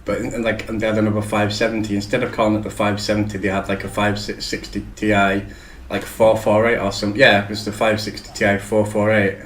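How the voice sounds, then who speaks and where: A man's voice: lowish voice, flat delivery, a little fast, a bit bright, reverberant, a little hiss or hum, poor audio. A man hosting a casual tech chat show, rambling and joking with frequent swearing. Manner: rambling, swears freely, jokey. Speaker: show host.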